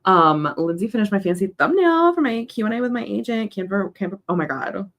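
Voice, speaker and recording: Young woman, casual livestream chatter, rambling, reads chat, coos at her dog, mid pitch. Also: lively intonation, a little fast, fairly bright tone. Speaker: writing livestream host. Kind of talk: casual chat during a co-working stream.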